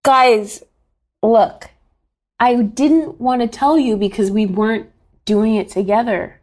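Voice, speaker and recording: A woman's voice: fairly high pitch, fairly even intonation, slow pace, darkish tone. A woman co-hosting a podcast, bantering casually and a little sheepish.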